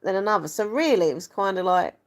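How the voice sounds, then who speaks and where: A woman's voice: mid-range voice, animated, fast talker. A young woman, chatting casually to camera in a rambling, self-deprecating way. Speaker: vlogger.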